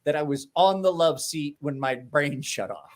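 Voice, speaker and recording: Podcast host, man in his forties with a high voice, tells rowdy stories with lots of swearing. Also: moderate pace, crowd noise. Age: 40s. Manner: profane, animated anecdote telling. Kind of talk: casual storytelling.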